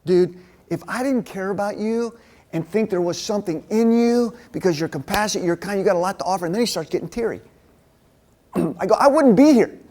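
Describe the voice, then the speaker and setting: A man's voice: high-pitched, brisk, darkish tone. A man giving a conversational talk to a men's group, telling personal stories and acting out the dialogue. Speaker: men's ministry speaker. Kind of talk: sermon told through personal stories.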